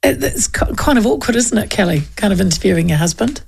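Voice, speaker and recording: A woman's voice: mid-range voice, animated, fast, gravelly, darkish tone, slight background noise. A woman hosting a radio talk show, chatting casually and laughing often.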